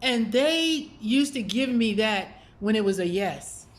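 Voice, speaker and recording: A woman's voice: a little high, expressive, takes it slowly. Woman rambling through a spiritual story. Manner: rambling, reflective, with frequent fillers and laughs. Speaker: host of a spiritual video series. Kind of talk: casual personal storytelling about spirituality.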